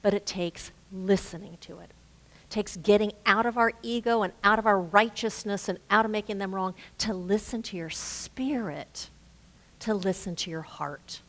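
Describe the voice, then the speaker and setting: A woman minister giving a gentle, reflective sermon, slowing down to stress key words. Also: mid-range voice. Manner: gentle, reflective, with slow emphatic phrasing. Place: spiritual center sanctuary. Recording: reverberant hall.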